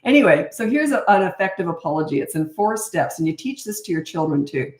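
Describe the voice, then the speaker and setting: A middle-aged woman parenting coach chatting casually through viewer questions, animated, with quick asides. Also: on the low side. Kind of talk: casual Q&A talk. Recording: roomy echo.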